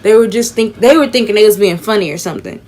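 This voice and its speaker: Her speech moves quickly in a mid-range, somewhat dark voice, with faint hiss or hum underneath. She's a young Houston vlogger taking out her braids while she tells a profane, casual story and plays each character.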